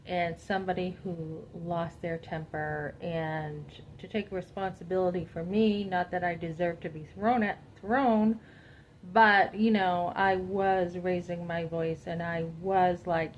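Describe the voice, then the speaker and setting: A woman's voice: fairly low pitch, unhurried, a little hiss or hum. Woman telling her story, lo-fi sound. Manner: animated, quotes herself and others in dialogue, addresses listeners directly. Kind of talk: candid personal testimony to camera.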